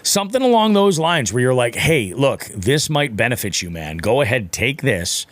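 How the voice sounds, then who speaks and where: Lively, animated podcast host, a man. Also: medium pitch, moderate pace, no room sound. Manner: animated, swears freely, acts out quoted people. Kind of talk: casual podcast chat.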